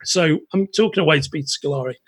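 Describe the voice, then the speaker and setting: A British man hosting a podcast, telling a long anecdote in an animated way with lots of restarts. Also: fairly high pitch, fast, dry recording. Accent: British English. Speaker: podcast host. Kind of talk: casual storytelling chat.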